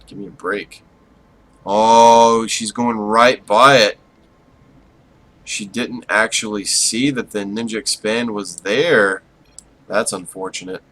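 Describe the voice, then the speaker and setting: A man giving casual, self-deprecating play-by-play commentary on a strategy game, with bursts of excitement when the fighting heats up. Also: fairly low pitch, low-quality recording. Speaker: esports caster.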